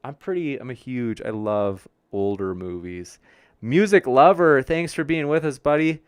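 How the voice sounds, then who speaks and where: A man's clear, resonant, medium-pitched voice moves at a measured pace, with no room sound on the recording. Hosting a debate livestream, he reads and replies to viewer chat in an upbeat, friendly manner, occasionally mangling names.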